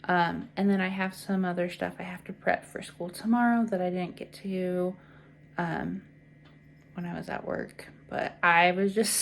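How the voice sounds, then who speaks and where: A woman's voice: lowish voice, normal speed, gravelly, slight background noise. Tired, frustrated young woman venting in a vlog. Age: 20s. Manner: frank, weary and venting, with frequent fillers and soft trailing words. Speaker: teacher vlogger. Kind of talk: personal vlog to camera.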